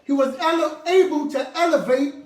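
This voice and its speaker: High-voiced preacher in an echoey room. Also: male voice, moderate pace. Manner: call-and-response preaching with shouted bursts; casual slangy asides to the congregation. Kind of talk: sermon. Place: worship room with congregation. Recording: echoey room, mic far off, faint noise.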